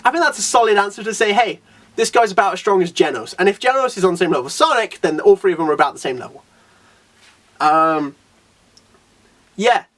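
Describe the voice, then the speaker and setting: A man's voice: fairly high pitch, distant mic. A man giving a casual, rambling manga chapter review, full of "like" and acted-out quotes.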